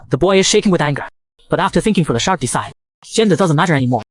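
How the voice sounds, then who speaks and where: A man narrating a comic recap in a brisk storytelling manner. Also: a little high, expressive, no room sound.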